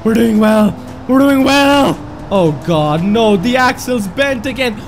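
A man commentating his own driving game, exasperated and self-mocking, yelling at the game when things go wrong. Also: extremely high pitch, animated, unhurried, faint music behind. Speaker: gameplay commentator. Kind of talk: gameplay commentary.

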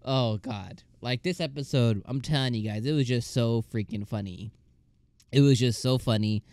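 Male anime reviewer, casual and animated, acts out scenes in silly voices, dry close sound. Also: medium pitch, normal speed, dry recording. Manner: laughing, animated retellings with comic voices.

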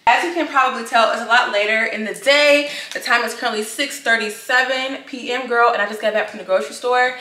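A bright-voiced young lifestyle vlogger chats to camera, animated and out of breath, calling her viewers "girl" and "y'all." Her fairly high voice moves briskly with few pauses, and the room sounds echoey.

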